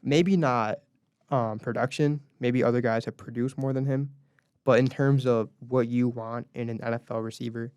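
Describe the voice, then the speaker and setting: A man's voice: mid-range voice, fairly even intonation, normal speed, a little mellow, smooth, no room sound. Young man on college sports radio, dry studio. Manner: reads off stats, leads the segments. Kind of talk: casual sports talk.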